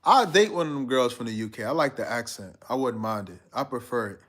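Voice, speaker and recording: Man, live-stream host, casual chat, laid-back, slangy, reads viewer comments, mid-pitched voice. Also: animated, fairly quick, fairly bright tone. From United States.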